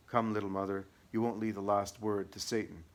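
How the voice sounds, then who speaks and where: A man's voice: lowish voice, little pitch movement, a little fast, close to an everyday voice. A man reading the part of a stern, commanding exorcist priest in an audiobook. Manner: firm, commanding.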